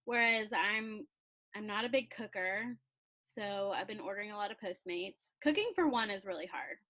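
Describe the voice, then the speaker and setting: A woman's voice: medium pitch, expressive, normal speed, sharp tone, rough recording. A young woman chatting casually in an interview about her calligraphy business, laughing often and filling her talk with "like".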